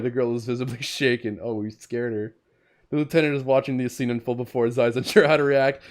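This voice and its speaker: A man's voice: mid-range voice, brisk. A man streaming a video game, reading its text aloud and acting out lines dramatically between casual remarks. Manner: animated, reads game text in dramatic voices. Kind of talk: gameplay commentary, reading aloud.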